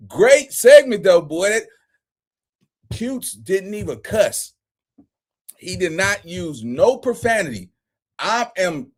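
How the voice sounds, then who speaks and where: A man in his forties hosting a casual reaction commentary, profane and laughing often. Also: sits high. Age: 40s. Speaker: commentary channel host.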